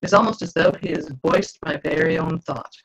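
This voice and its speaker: A woman author reading her novel aloud in first person, with measured storytelling narration over a video call. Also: fairly low pitch, steady tone, vocal fry, a bit bright. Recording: dull lo-fi video call audio.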